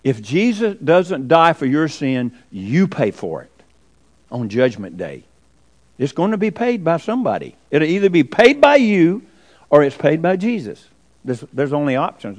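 Male preacher, high animated voice, emphatic, answers his own questions. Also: moderate pace. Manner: emphatic, rhetorical questions, sudden drops to quiet. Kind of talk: sermon.

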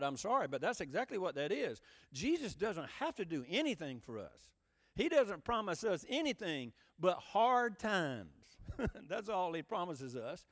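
A man preaching a sermon in a conversational, emphatic way, often asking the listeners direct questions. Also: sits high. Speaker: pastor.

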